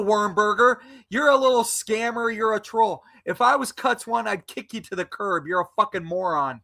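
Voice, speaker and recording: High bright-voiced man hurling angry insults. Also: moderate pace, creaky, hardly any pauses. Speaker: guest on a live stream. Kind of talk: heated live-stream argument.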